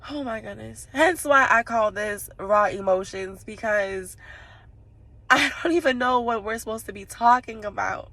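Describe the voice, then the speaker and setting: A woman's voice: a little high, measured pace, bright, forceful tone, dry recording. A woman vlogging from inside her parked car, tearful and sniffling, rambling straight to her viewers and laughing through her tears. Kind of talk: casual vlog monologue.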